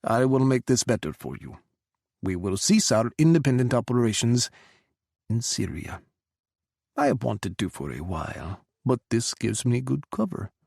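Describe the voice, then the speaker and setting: A man's voice: medium pitch, big pitch swings, normal speed, gravelly, darkish tone, slightly rough, no echo, studio quality, exaggerated voice. A man voicing a scheming, restless Russian president with a thick Russian accent and a smirking, cutting manner. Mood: sly.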